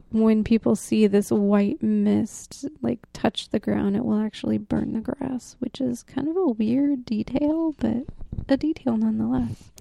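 A woman recounts local folklore in a relaxed, unhurried way, her voice mellow and slightly high with a gravelly edge. She giggles often and sinks into a near-whisper at the eerie moments, recorded close and dry. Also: dry recording. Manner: drops to a hushed whisper for the spooky parts; giggly, easily laughs. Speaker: podcast co-host. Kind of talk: casual folklore storytelling.

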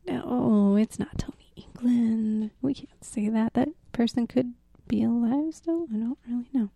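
A woman recounts local folklore in a relaxed, unhurried way, her voice mellow and slightly high with a gravelly edge. She giggles often and sinks into a near-whisper at the eerie moments, recorded close and dry. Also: no echo. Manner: drops to a hushed whisper for the spooky parts; giggly, easily laughs. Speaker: podcast co-host. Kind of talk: casual folklore storytelling.

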